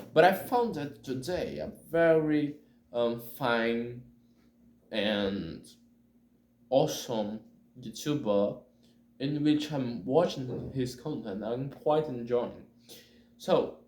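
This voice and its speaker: A man learning English, talking in a hesitant, halting way and often correcting himself as he chats casually on camera. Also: medium pitch, darkish tone. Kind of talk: casual spoken monologue. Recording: echoey room.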